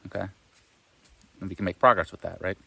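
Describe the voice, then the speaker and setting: A man talks straight to the camera in a casual self-help monologue. His voice sits on the low side and the sound is dry and close. He rambles, speaks frankly and swears freely. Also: fairly quick, vocal fry, bright, forceful tone, breathy edge, dry recording.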